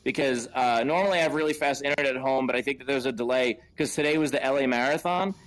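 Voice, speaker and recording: A man's voice: mid-range voice, fairly bright tone. A man, a stand-up comedian hosting a show from home, bantering casually and profanely into a headset mic. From United States. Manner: profane, self-mocking, quick asides. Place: at home, in a virtual-reality venue.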